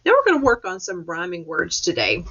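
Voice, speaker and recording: Gravelly, husky lady teacher talking slow and patient to little kids, dull lo-fi webcam sound. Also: lowish voice, huge pitch swings, bright, forceful tone. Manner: patient, encouraging, sounds out letters slowly. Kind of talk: reading lesson for young children. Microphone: webcam or computer mic.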